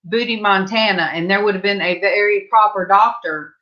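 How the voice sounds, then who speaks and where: A woman's voice: mid-range voice, fairly even intonation, normal speed, lo-fi sound. A woman guest on a casual video call chat panel, telling a story with hesitant restarts.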